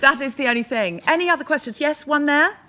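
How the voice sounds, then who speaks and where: A woman's voice: sits high, animated, fast, pushed and bright. Woman moderating a live panel. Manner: asks questions and relays them. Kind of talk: live post-show panel chat. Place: theatre stage with live audience.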